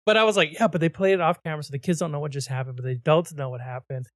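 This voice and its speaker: A man co-hosting a podcast who retells film scenes in an animated way and laughs often. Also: on the high side, very fast, no echo, clean studio sound. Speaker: podcast co-host. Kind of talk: casual chat reviewing a film.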